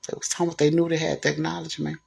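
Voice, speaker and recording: A woman casually telling a personal story to camera, animated and blunt, cussing freely and jumping into the voices of the people she quotes. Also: deep voice, very fast, creaky. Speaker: vlogger.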